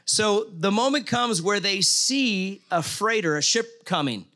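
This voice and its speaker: A man's voice: high voice, animated, unhurried, pushed and bright. A middle-aged man preaching a conversational sermon, telling a story and asking his listeners questions. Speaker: pastor.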